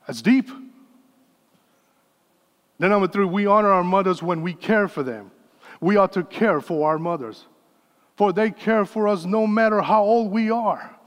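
A man's voice: sits high, a little slow, pauses often, in a large hall. A man in his fifties preaching a sermon as pastor, earnest with folksy asides. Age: 50s.

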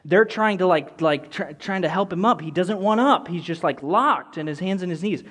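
A man's voice: high voice, normal speed. A young man telling a personal story with candid, rambling earnestness, full of restarts and fillers. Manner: earnest, rising excitement in quoted moments.

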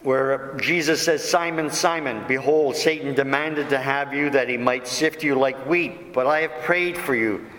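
A man's voice: mid-range voice, a little slow, hardly any pauses, a bit bright, reverberant, big-room sound, slight background noise. A man preaching a sermon as a deacon, reading scripture aloud with quoted dialogue.

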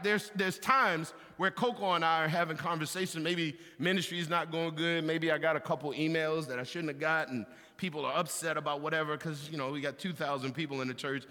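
A man preaching a sermon as pastor of a large church, animated, swinging between loud bursts and hushed confessional passages. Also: a little high, long reverb tail.

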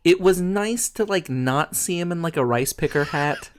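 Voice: medium pitch, lively intonation, normal speed. A podcast co-host in casual chat, reacting animatedly and peppering talk with "like".

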